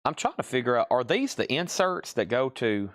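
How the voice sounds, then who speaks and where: Medium in pitch but swinging widely, fairly bright and moderately paced, a man with a Southern US accent chats casually while selling records on a live stream, rambling and laughing a lot.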